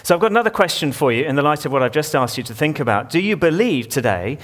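A man's voice: a little high, big pitch swings, fast, a bit bright. A male pastor preaching a sermon in a church, talking conversationally and putting questions to the congregation.

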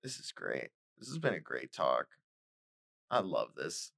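A man co-hosting a casual podcast, reacting to stories with slow, amused remarks. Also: rumbling low, very animated, creaky, a bit bright. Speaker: podcast co-host. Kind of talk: casual chat.

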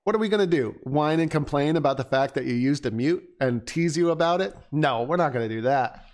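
A man's voice: a little high, lively intonation, fairly quick, darkish tone. Teasing, rambling male co-host. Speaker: podcast co-host reviewing bagpipe submissions. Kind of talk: casual chat.

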